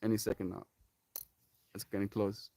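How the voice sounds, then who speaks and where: A man's voice: lowish voice, little pitch movement, moderate pace, creaky, warm tone, a little hiss or hum. A young man on a casual solo live stream, rambling playfully and slipping into baby talk with his pets.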